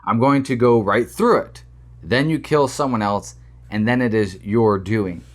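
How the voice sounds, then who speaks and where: A man putting on the accent of a middle-aged male action star in a slow, emphatic, mocking impression. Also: medium pitch, slight background noise, pitched below the performer's own voice, lightly acted.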